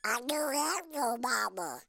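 A man in his nineties voicing a small, lonely male cartoon duckling in a high, squeaky, childlike voice. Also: animated, takes it slowly, creaky, pushed and bright, exaggerated voice. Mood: pleading. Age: 90s.

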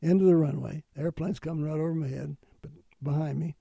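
An older man telling a wartime story in an interview, earnest and halting with restarts. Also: fairly high pitch, steady tone, creaky, warm tone, husky, dry recording.

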